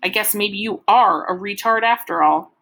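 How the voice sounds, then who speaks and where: Brief: woman reading a hulking bully, sneering and contemptuous, bright storybook voice. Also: medium pitch, moderate pace, vocal fry, a little hiss or hum. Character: big, strong, menacing man, a bully.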